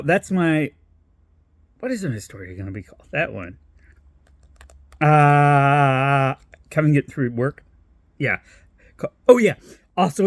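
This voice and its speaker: A man's voice: fairly high pitch, no room sound, studio quality. A man from Toledo, Ohio telling rambling personal stories in a casual vlog, laughing often, swearing freely and doubling back on himself.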